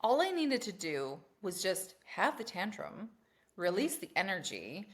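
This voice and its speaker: A mother co-hosting a laid-back podcast talks in a mid-range voice, a little slowly. Her storytelling is brash and full of swearing, and she replays her past rants by raising her voice.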